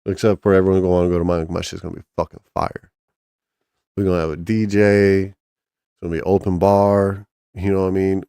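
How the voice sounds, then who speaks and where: A man's voice: low voice, level tone, fairly quick, dark tone, clear, resonant tone, no room sound. A man casually chatting on a stream, rambling and joking crudely with lots of restarts. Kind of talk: casual profane chat with chat and co-host.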